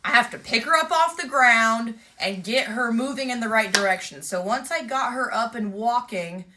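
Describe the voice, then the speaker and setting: A woman, casually telling a lively story and acting out the exchanges she had along the way. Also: a little high, normal speed, background noise. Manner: lively, vivid retelling with quoted exchanges. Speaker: emu owner telling a story.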